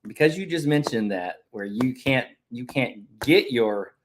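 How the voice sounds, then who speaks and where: A man co-hosting a family live stream, talking loudly and excitedly in casual chat, from the United States. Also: mid-range voice, a little slow, slight background noise. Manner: loud, excitable, lively delivery.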